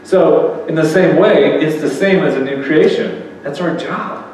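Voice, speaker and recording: A man's voice: fairly high pitch, measured pace, slight background noise. Man preaching in an echoey hall. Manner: conversational, animated, asks the audience questions. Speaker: speaker at a faith event. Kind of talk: sermon to a live audience. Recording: echoey hall recording from far off.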